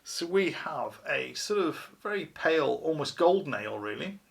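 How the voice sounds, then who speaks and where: A man's voice: fairly high pitch, big pitch swings, moderate pace, gravelly. A man hosting a casual beer review vlog, chatty and wry, poking fun at himself. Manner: chatty, wry, self-deprecating.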